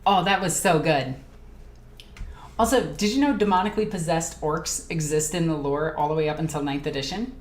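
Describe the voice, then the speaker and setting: A woman hosting a casual live Q&A stream. She reads viewer comments aloud and chats excitedly, jumping from topic to topic. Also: low voice, moderate pace. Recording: echoey room with faint ambient noise.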